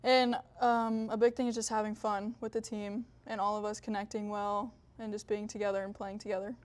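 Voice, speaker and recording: A young woman from Iowa, a college volleyball player, giving brief soft-spoken interview answers with lots of "like". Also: medium pitch, little pitch movement, a little fast. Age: young adult.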